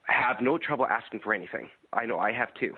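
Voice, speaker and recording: A middle-aged man chatting casually as a guest on a radio talk show, talking quickly, repeating words and laughing often. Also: medium pitch, animated, slightly rough, no room sound. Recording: dry phone-line audio.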